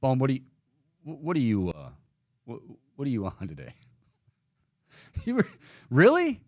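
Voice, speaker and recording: Lively male sports-talk host, reels off stats, dry booth sound. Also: medium pitch, unhurried, dry recording. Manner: animated, laughing, rattles off stats. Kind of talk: casual sports talk show.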